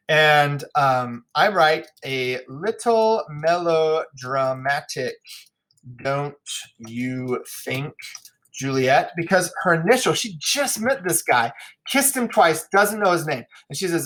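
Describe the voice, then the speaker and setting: A male teacher leading a class read-through of a play, explaining the text and now and then reading lines in quick voices. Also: on the high side, animated, fairly bright tone.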